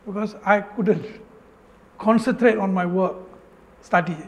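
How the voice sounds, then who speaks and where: A man's voice: sits high, unhurried. A man from Penang with a Malaysian English accent, telling his own life story in an earnest, emotional way, often breaking off and repeating phrases. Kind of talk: personal story speech.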